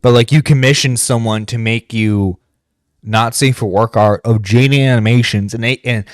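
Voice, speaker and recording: A man's voice: mid-range voice, fairly even intonation, normal speed, no room sound, studio quality. A man hosting a reaction stream, bluntly cursing and stammering through restarts. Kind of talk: profane reaction commentary.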